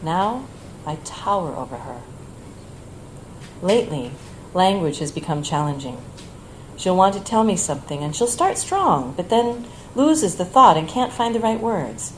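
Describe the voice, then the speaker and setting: Woman reading her essay, fairly low voice, measured and reflective, faint room ambience. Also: very animated, slight background noise, poor audio. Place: bar reading event.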